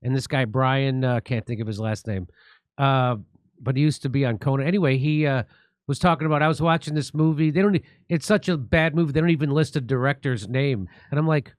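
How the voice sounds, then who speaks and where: A man's voice: mid-range voice, a little fast, dry recording. A man with a Chicago accent, a comedian hosting a show, telling rambling self-mocking stories in casual banter. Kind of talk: casual live-stream banter.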